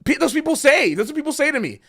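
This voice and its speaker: A fired-up man talking straight to his livestream, emotional and passionate. His voice is fairly high for a man and swings widely in pitch as he makes his points. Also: very animated, fast talker, creaky, a bit bright. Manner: emotional and passionate, says bro a lot. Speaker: jazz musician streaming a Q&A. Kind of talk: casual livestream rant.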